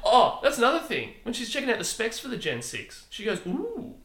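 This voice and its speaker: A bright, sharp-toned podcast co-host talks about a film in an animated way and keeps acting out its scenes. The voice sits in a middle pitch. A roomy echo hangs around the recording. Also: quick pace. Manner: animated, acts out film lines. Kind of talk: casual film review chat.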